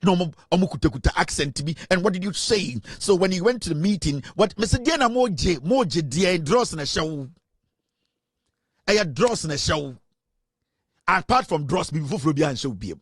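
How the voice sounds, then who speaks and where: Animated Ghanaian male commentator, dry sound. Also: sits high, moderate pace, slightly rough, no echo. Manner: animated, mocking, mixing English and Twi. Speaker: host. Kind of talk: political commentary.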